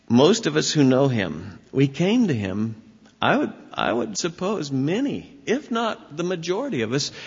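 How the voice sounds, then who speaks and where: A man preaching a sermon as pastor, with emphatic swings in pitch and volume. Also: creaky, husky. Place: church sanctuary. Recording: dull recording with long hall reverb.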